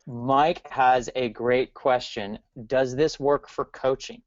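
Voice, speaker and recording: A man's voice: mid-range voice, fairly even intonation, takes it slowly, no room sound. A man hosting a live webinar as a coach, upbeat and hypey, often stammering on repeated words. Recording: dull lo-fi online call audio.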